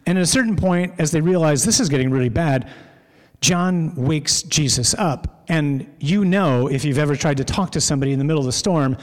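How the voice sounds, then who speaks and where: A man's voice: a little high, fairly quick, big-room sound. A man preaching a sermon in a church, telling a story vividly and drawing out key words for emphasis.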